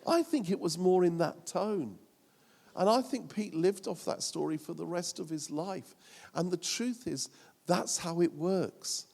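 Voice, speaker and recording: A man's voice: high voice, a little slow, creaky, darkish tone. A man preaching a sermon as a pastor, humorous and self-mocking, with many fillers. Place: church hall. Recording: long church hall reverb.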